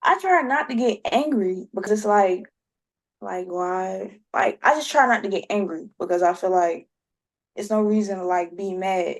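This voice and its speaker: A woman guest in a casual podcast chat, answering hesitantly with many pauses and restarts. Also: mid-range voice. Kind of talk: casual conversation.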